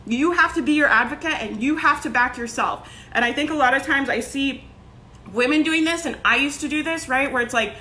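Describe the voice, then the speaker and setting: A woman's voice: sits high, a little fast, bright, forceful tone. A young woman giving a casual motivational talk as a business coach, candid and swearing now and then, with lots of "like" and "right?".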